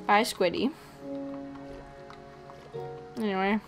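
Slow-talking playful young woman gamer. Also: mid-range voice, steady tone, faint music behind. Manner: chatty and playful, talking to animals. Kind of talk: casual game commentary.

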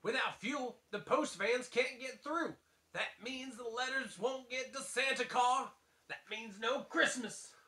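Man putting on a solemn sheriff car, hushed and low, storybook read-aloud. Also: sing-song, measured pace, reverberant, full character voice. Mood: grave. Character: solemn older male police car.

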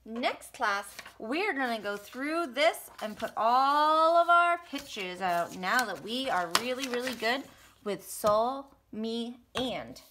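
A woman teaching a music lesson to young children online, speaking slowly and encouragingly with sing-song rhythm drills. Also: on the high side, animated, sharp tone, slight background noise. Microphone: home recording for an online class.

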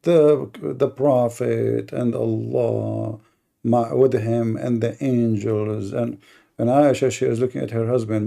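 This debate livestream host has a medium-pitched, steady, mellow voice with some creak, and he speaks at a measured pace. His combative monologue mocks and provokes listeners, daring them to push back.

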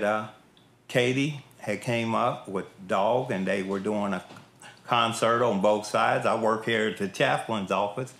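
A man's voice: fairly low pitch, creaky, fairly bright tone. A middle-aged man in prison gives an earnest, plain-spoken personal testimony in a casual, colloquial way. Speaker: prison inmate giving testimony. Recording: echoey room with faint music.

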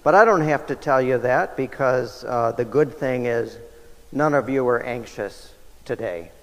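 A man's voice: medium pitch, measured pace, vocal fry. A man preaching a sermon in a church, conversational and self-deprecating with light humor. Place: church sanctuary. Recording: long church reverb.

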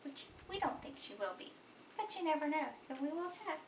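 High-voiced woman cooing in an echoey room. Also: very animated, fairly quick. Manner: soft cooing baby talk, soothing and repetitive. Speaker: mother vlogger. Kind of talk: casual home vlog, talking to camera and baby. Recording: roomy echo, distant mic, background noise.

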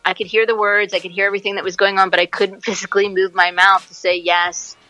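A woman in her forties, an actress and musician, telling stories in a casual interview, animated and laughing often. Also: medium pitch, fast, no echo, soft background music, low-quality recording. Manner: animated storyteller, laughs often, acts out quotes.

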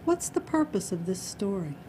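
A woman giving a storytelling speech at a club meeting, dramatic and expressive, dropping to hushed asides. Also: mid-range voice, moderate pace, a little hiss or hum. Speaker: Toastmasters speaker. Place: meeting room.

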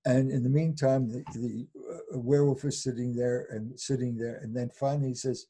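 A man's voice: medium pitch, steady tone, a little fast, hardly any pauses, mellow, breathy edge. An older man, a scholar guest in an interview, retelling old folk tales with frequent chuckles and small voiced-out lines. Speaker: fairy tale scholar guest. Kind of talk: animated storytelling in interview.

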